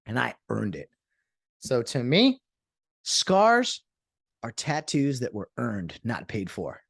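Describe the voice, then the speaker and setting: A man talks alone on his podcast, rambling and sarcastic as he hops from one topic to the next. His pitch jumps all over the place, and the sound is dry and close, with no room around it. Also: a bit bright, slightly rough, no room sound. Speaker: podcast host. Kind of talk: solo podcast monologue.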